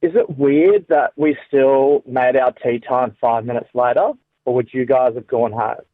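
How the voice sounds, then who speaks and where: A man leaving a deadpan voice message for the hosts. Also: mid-range voice, measured pace. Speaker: caller. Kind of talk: recorded listener voice message. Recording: tinny phone-line voice message.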